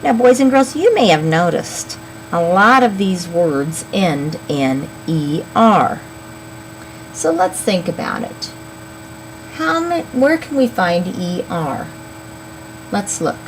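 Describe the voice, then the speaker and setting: A woman teaching young children a phonics lesson, slowly sounding out words and counting syllables. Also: lowish voice, animated, a little hiss or hum, rough recording. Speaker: elementary school teacher.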